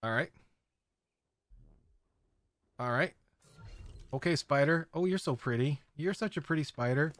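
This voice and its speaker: A man giving casual running commentary as he plays a video game, talking to his viewers and often bursting into excited exclamations. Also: fairly high pitch, a little slow, pauses often, dry recording. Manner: excitable, squeals often, chatty. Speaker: game streamer.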